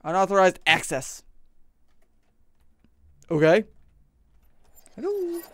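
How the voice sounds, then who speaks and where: A man giving casual let's-play commentary, excitable and crude, jumping from mumbled asides to loud joking outbursts. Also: sits high, slow, slight background noise. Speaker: gaming video host.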